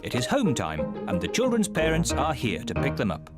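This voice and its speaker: Guy telling a kids cartoon story, clear storyteller voice, lots of ups and downs. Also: medium pitch, huge pitch swings, brisk, over loud music. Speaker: narrator. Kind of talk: scripted narration for a children's cartoon.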